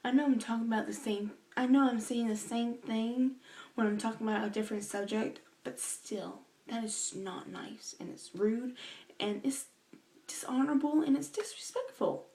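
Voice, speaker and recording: A young woman talking earnestly to her camera in a vlog, slow and emotional, halting with sighs and restarts. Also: on the high side, dark tone, poor audio. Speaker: vlogger.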